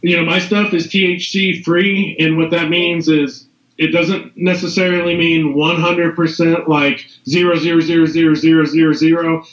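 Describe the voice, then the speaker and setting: A man's voice: on the high side, little pitch movement, normal speed, a bit bright. A middle-aged man, a podcast guest, talking casually in a rambling way, with lots of fillers and restarts. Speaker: guest, CBD business owner. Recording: echoey, dull lo-fi room sound.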